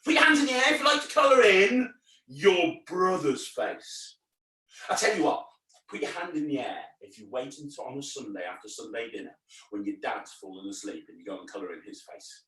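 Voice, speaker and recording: A man performing a comedy magic show for children, talking in an animated, exaggerated way that jumps to loud, high shouts. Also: moderate pace. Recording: echoey room, voice a bit far off.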